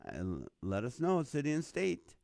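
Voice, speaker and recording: A man hosting a casual live stream, reading out viewer comments, chuckling often and turning quiet when serious. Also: huge pitch swings, moderate pace, creaky, no room sound, studio quality. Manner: drops quiet and low when serious, lifts loud for jokes. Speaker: host of a live show.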